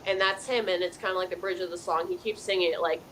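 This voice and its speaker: A woman's voice: lowish voice, fairly even intonation, fast talker, fairly bright tone, slight background noise, rough recording. A woman hosting a live call-in psychic show, earnestly passing on messages from the dead in first person, with a chatty "you know" style. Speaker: psychic medium host.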